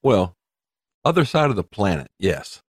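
A man's voice: fairly low pitch, sing-song, measured pace, husky, dry recording, clean studio sound. A man with a Southern US accent co-hosting a podcast in casual, playful chat. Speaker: podcast co-host.

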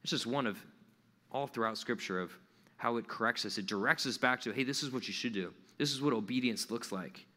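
Male preacher, casual and interactive, bright voice, recorded with hall echo. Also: medium pitch, fairly quick. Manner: conversational, asks the listeners questions. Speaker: pastor. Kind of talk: sermon.

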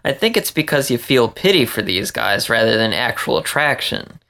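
A man's voice: mid-range voice, normal speed. A man reading a story, voicing a stocky male rat who teases with a smirk. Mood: smug. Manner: smirking, deadpan teasing.

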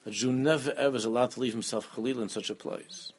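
A man giving a lively Torah class, often repeating phrases and mixing Hebrew terms into his English. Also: mid-range voice, fast talker, a little hiss or hum. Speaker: rabbi teaching a class.

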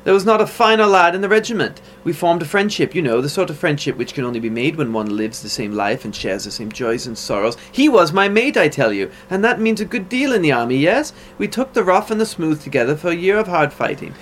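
A man's voice: on the high side, expressive, fairly quick, hardly any pauses, fairly bright tone, a little hiss or hum. A man voicing an earnest young ex-soldier in a hammy, mock-posh, old-fashioned way. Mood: earnest pleading.

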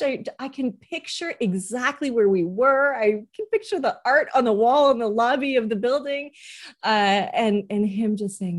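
A woman's voice: a little high, animated, unhurried. Candid woman parenting podcast host. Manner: warm, candid, conversational with many asides. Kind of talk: personal storytelling podcast.

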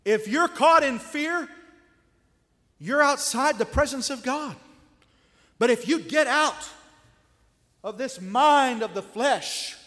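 A man's voice: very high-pitched, animated, takes it slowly, long pauses, bright, forceful tone, long reverb tail. A man preaching a sermon in a conversational way, often asking his listeners rhetorical questions.

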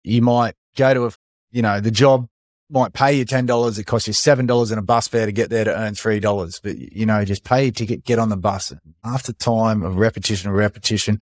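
An energetic Australian man hosting a casual podcast interview, talking bluntly with some swearing and calling his guest mate. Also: fairly low pitch, fast talker, no room sound. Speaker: podcast host.

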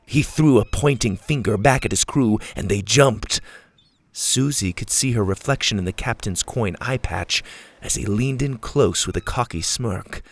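A man narrating a scripted children's story in a measured, expressive way. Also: fairly low pitch, gravelly, no echo.

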